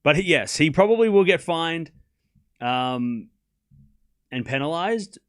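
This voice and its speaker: Calling points in a live tennis watchalong, this young male host keeps things casual and chatty, fielding chat questions between points. He speaks at a measured pace with a fairly high pitch, lively intonation and a clean tone.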